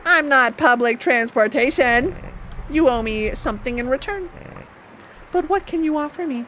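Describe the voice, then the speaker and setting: A woman voicing a scheming male loan shark who talks in a low, quiet, threatening drawl. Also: lively intonation, moderate pace, a little hiss or hum. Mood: menacing.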